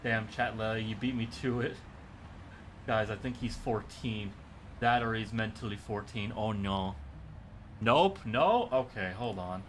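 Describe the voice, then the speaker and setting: A man's voice: fairly low pitch, a little slow, fairly bright tone, a little hiss or hum. A man streaming a game, chatting casually with his viewers in a rambling, joking way full of fillers. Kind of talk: casual chat with live chat while playing a game.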